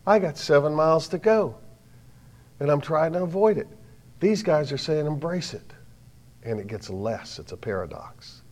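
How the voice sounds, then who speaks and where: The voice is a little high and animated, keeping a moderate pace. It belongs to a middle-aged man preaching to a live audience, who shares stories with self-deprecating humor and shifts from quiet asides to loud bursts.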